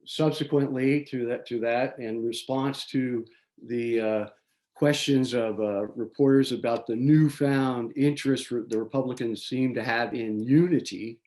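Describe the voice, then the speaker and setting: A man hosting a local community forum, giving prepared political commentary in a measured way, reading from notes with small restarts. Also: mid-range voice, steady tone, dark tone. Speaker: forum host.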